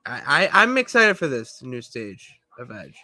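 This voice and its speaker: A man co-hosting a laid-back wrestling chat, easygoing and quick with a joke. His mid-pitched voice sounds bright, with a dry, close recording. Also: no echo. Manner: relaxed, agreeable, jokey asides. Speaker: podcast co-host.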